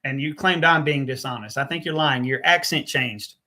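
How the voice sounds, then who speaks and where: A man's voice: mid-range voice, moderate pace, sharp tone. A man hosting a live call-in debate. He presses callers, repeats his phrases and cuts in. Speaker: debate host.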